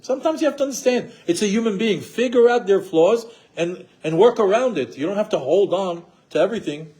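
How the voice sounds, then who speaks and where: Middle-aged male teacher, animated lecture delivery, slightly high, warm mellow tone. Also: brisk, few pauses. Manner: animated, rhetorical questions, acts out quoted spouses. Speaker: Torah teacher. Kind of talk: marriage class lecture.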